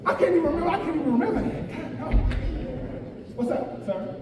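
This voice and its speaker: A man in his forties giving an animated, joking motivational speech to young athletes, calling out to the crowd. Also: very high-pitched, brisk, heavy background noise. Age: 40s. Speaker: guest speaker. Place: large event hall. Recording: echoey hall, voice picked up from far off.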